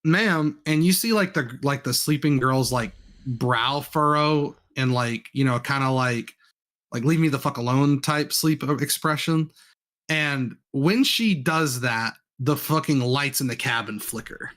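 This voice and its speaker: A man with a medium-pitched, unhurried, fairly bright voice runs a tabletop game as game master. His narration is loose, full of fillers and restarts.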